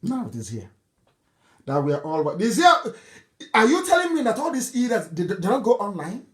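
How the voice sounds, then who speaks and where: A man with a Nigerian accent delivers a heated broadcast monologue. His voice swings widely in pitch as he mocks and scolds his critics. He hammers home each point by repeating it. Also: wildly swooping pitch, moderate pace, a bit bright. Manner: combative and scornful, repeating insults and points for emphasis; breaks into mocking laughter between points. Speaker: political leader giving a broadcast. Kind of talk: fiery political broadcast monologue.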